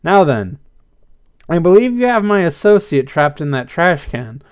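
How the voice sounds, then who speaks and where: A man voicing Nick, a calm private investigator who speaks in a dry, composed way. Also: on the high side, unhurried, clean tone, pitched above the performer's own voice.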